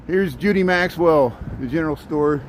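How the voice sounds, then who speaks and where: Guy rambling on a street livestream, bit high voice, light traffic hum behind. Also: normal speed. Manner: rambling, chatty, greets viewers by name. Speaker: livestream walking tour host. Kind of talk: casual livestream chat while walking. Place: city street outdoors. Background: faint street and traffic noise.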